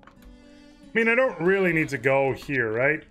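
Male streamer, high-pitched, goofy crude game commentary. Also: very animated, measured pace, bright, forceful tone, faint music behind. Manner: joking, laughing, crude asides. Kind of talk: casual let's play commentary.

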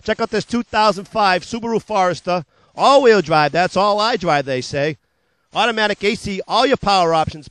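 Hosting a local TV car sales show, a man pitches vehicles in upbeat, repetitive patter and jokes about his own slips of the tongue. His voice is a bit bright, and the recording has no room sound.

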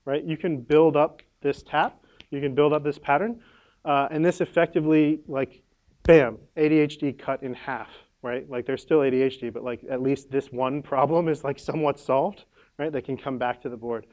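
A man's voice: medium pitch, fairly even intonation, moderate pace, darkish tone. A man presenting at a conference workshop, casual and playful, with lots of "like" and "right?" and the odd sound effect.

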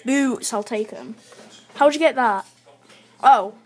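Woman gamer, high voice, unhurried chatty self-commentary with excited yelps. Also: husky. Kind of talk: live gameplay commentary.

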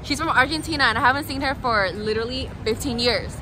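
A young woman vlogging casually into a handheld phone, chatty, excited and full of slang. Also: high voice, quick pace, background noise. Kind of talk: casual travel vlog narration. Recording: loud music and crowd.

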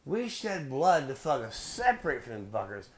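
A man's voice: medium pitch, big pitch swings, normal speed, over a noisy crowd. A man from Belleville, Illinois, hosting his video blog in a loose, profane, rambling monologue full of tangents. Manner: loose, beer-drinking delivery. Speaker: video blogger host.

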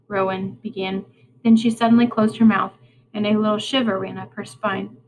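A woman reading a children's novel aloud in a steady, plain storytelling way. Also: mid-range voice, normal speed, slight background noise, rough recording. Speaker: reader.

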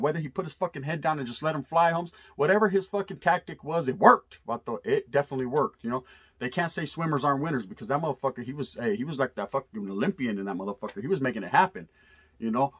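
A man's voice: mid-range voice, breathy edge. A middle-aged man telling a story casually and with energy, swearing freely and using lots of street slang. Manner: animated, profane, heavy street slang. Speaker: storyteller vlogger.

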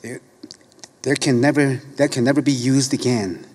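A middle-aged man reading a story aloud in a slow, measured, solemn way. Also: mid-range voice, fairly even intonation, darkish tone, slightly rough.

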